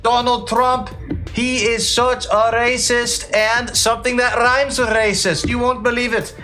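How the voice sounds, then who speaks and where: A man's voice: very high voice, level tone, a little slow, sharp tone, soft background music, voice pushed up, heavily acted. A man putting on an exaggerated, sing-song fake Mexican accent to parody a woman politician. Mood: mocking.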